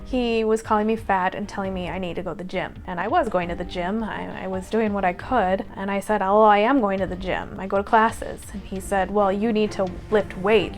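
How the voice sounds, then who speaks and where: A woman in her thirties speaks straight to camera in an earnest, candid vlog. Her pitch sits in an ordinary middle range, and she lets out a sigh now and then as she tells her story. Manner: candid, earnest recounting with sighs. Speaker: vlogger.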